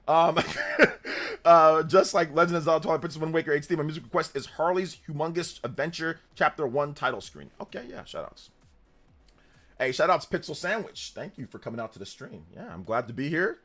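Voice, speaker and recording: A young man hosting a live reaction stream, chatting in a relaxed, slangy way, humming tunes and laughing often. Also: on the high side, fairly quick.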